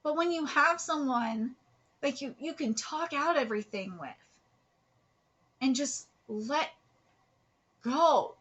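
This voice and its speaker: A woman's voice: high-pitched, expressive, slow pace, pauses often, a bit bright, dull audio. A woman hosting a live manga reaction, talking in an earnest, heartfelt way and rambling with restarts. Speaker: host reacting to a manga chapter.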